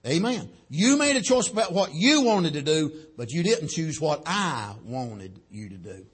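Male preacher, high husky voice, preaches with big swings from shouting to hushed. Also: sing-song, unhurried. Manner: swings from loud shouting to low and quiet, punctuated with amen. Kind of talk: sermon.

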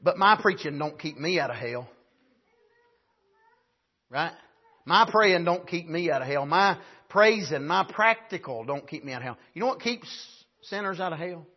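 Male camp-meeting preacher, raspy, rising to shouts. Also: a little high, animated, moderate pace, dull audio. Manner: frequent "amen", builds to shouts. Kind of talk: sermon.

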